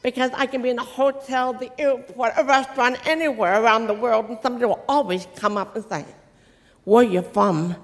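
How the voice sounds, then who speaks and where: An inspirational speaker who is deaf gives a motivational faith talk to an audience, her speech bearing the accent-like quality of someone who learned to talk without hearing. Her voice is a little high with fairly even intonation, and she forms each word slowly and carefully. It trails into the long reverb of a large hall.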